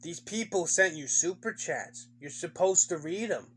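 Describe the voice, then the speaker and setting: A man's voice: high voice, lively intonation, moderate pace, a bit bright, slight background noise. A man giving profane, mocking commentary, swearing constantly and repeating taunting questions. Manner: heavy swearing, taunting repetition.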